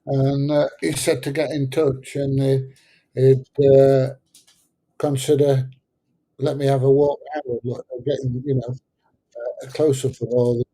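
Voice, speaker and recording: A middle-aged man chats casually on a livestream. His voice is mellow and a little husky, and he rambles along, pausing often on fillers as he answers his viewers. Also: mid-range voice, little pitch movement, rough recording. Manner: rambling and hesitant, many fillers. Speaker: livestream host answering chat.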